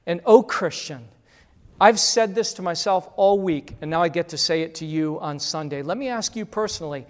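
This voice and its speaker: A man preaching a Sunday sermon as pastor, emphatic and repetitive, swinging between loud declarations and hushed lines. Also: a little high, moderate pace. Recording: long church-hall reverb.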